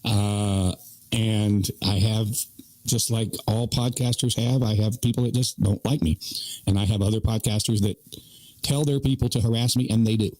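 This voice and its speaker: A man podcasting on a livestream, talking in a halting, self-pitying way that trails off. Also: lowish voice, steady tone, darkish tone, no echo, rough recording. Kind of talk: livestream talk asking for donations.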